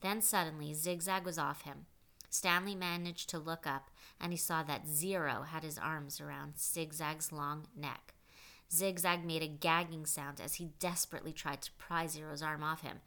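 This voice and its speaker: Low, bright-toned woman narrator. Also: fairly even intonation, moderate pace. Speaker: audiobook narrator. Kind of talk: scripted audiobook narration.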